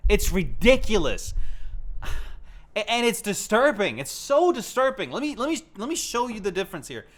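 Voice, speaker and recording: A young man casually chatting on a live stream from his home setup, gushing and excitable and swearing freely. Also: high-pitched, normal speed.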